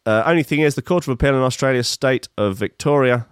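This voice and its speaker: Speaking fast in a mid-range voice with a clean tone, this fifty-something man delivers casual comic news commentary from a dry studio. He reads strange stories and wanders into wry asides packed with fillers.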